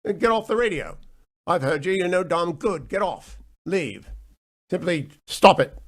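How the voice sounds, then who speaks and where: A man's voice: high-pitched, expressive, unhurried, creaky, full character voice. A man voicing a brusque male royal life coach in a comic phone skit, dismissive and barking short orders.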